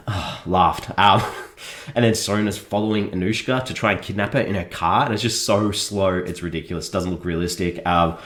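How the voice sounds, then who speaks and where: A man's voice: fairly low pitch, moderate pace. A man casually reviewing a film on a podcast, chuckling often as he mocks what he saw. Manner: chuckles often, mocking and critical.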